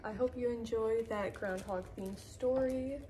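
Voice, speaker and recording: Slow, mellow woman reading a picture book. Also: fairly high pitch, slight background noise, rough recording. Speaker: librarian reading aloud. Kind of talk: children's picture book read-aloud.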